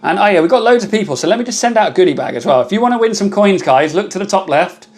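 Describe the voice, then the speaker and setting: A man's voice: high voice, animated, very fast. A British man hosting a casual live stream from his workshop, chatty and upbeat, thanking viewers by name. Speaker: livestream host.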